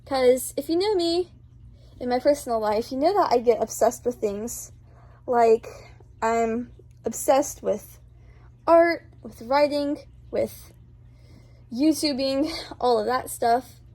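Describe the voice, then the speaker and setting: A woman's voice: high-pitched, takes it slowly, pauses often, darkish tone, no echo. A woman talking chattily over a speedpaint video, bubbly and rambling, with lots of filler words. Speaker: art channel host.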